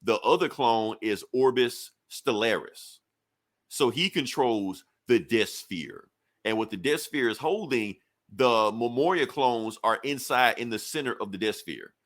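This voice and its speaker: A man's voice: mid-range voice, animated, measured pace, a bit bright. A man co-hosting a podcast, loosely recapping a comic book in casual, rambling talk full of fillers. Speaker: podcast co-host.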